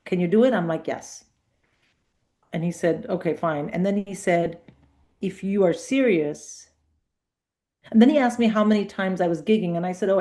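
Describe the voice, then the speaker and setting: A middle-aged woman with a lowish voice chats through a casual interview. She spins animated anecdotes and acts out the other people in them with quick shifts of tone. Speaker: comedian guest.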